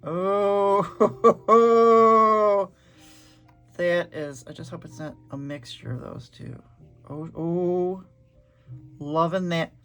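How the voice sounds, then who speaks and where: Chatty middle-aged woman art vlogger, slow and lowish, soft music under. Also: steady tone. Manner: chatty, gushing, thinking aloud. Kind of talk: casual chat while painting swatches.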